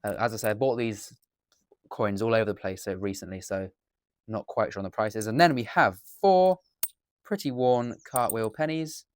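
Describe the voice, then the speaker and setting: English guy unboxing coins at a table, rambly, kinda low voice, dry sound. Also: normal speed, dry recording. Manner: chatty, rambling, self-correcting. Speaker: coin dealer and collector. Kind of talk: casual unboxing commentary. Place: indoors at a table.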